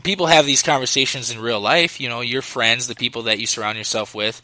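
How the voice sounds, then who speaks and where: A man's voice: medium pitch, fairly even intonation, a little fast, bright, forceful tone, no room sound, low-quality recording. A man hosting a podcast, chatting casually and emphatically, leaning often on "you know". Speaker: podcast host.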